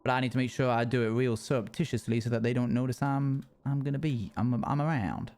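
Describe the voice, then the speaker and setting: A man's voice: medium pitch, a little fast, darkish tone. Folksy man talking to himself in character. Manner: folksy drawl with rustic phrasing, chuckles often, talks to himself. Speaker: streamer playing a character in a survival game. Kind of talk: in-character role-play narration.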